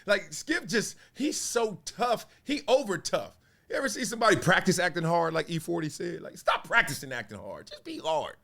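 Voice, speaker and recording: A man, giving playful, animated casual commentary on sports media. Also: high-pitched, normal speed, vocal fry. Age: 40s. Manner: animated, playful, acts out quotes in voices.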